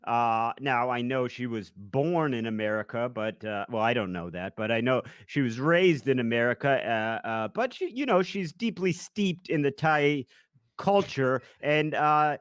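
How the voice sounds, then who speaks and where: A man's voice: medium pitch, expressive, measured pace, clear, resonant tone, no room sound, clean studio sound. A man co-hosting a comedy podcast, riffing hesitantly with many fillers. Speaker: podcast co-host. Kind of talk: improvised comedic banter.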